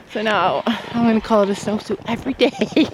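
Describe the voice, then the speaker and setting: A woman's voice: mid-range voice, normal speed, background noise. A woman in her thirties chatting and giggling to viewers while doing chores outdoors in a snowy farm pen, recorded on a handheld camera. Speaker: farm vlogger. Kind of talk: casual vlog chat.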